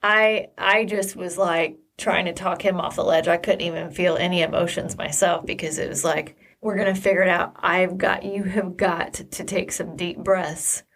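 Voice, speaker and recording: A woman co-hosting a podcast, retelling a family story in casual chat, quick and lively with quoted dialogue. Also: lowish voice, vocal fry. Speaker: podcast co-host.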